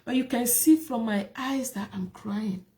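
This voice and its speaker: A woman's voice: on the high side, unhurried, dark tone. A woman sharing her personal life story, emotional and repetitive, with many rhetorical questions. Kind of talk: personal testimony talk.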